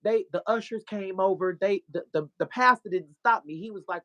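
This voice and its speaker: A woman, a podcast guest and author, telling an animated, profane story of her faith. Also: medium pitch, moderate pace, no echo, muffled recording. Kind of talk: casual testimony.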